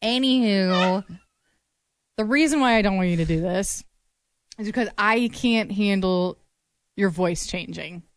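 A woman's voice: mid-range voice, measured pace, pauses often. A young woman co-hosting a radio show, teasing and blunt in casual chat. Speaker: radio co-host.

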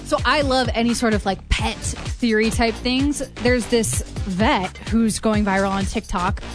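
Steady woman radio host. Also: fairly high pitch, measured pace, music in the background. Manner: steady, reads out items conversationally. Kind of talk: casual radio chat.

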